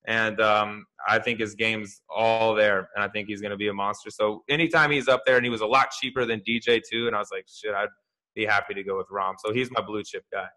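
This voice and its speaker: A man co-hosting a sports podcast, telling stories in a loose, animated way with plenty of restarts and fillers. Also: lowish voice, brisk, hardly any pauses, poor audio. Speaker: podcast co-host, golf fantasy analyst. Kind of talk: casual podcast chat.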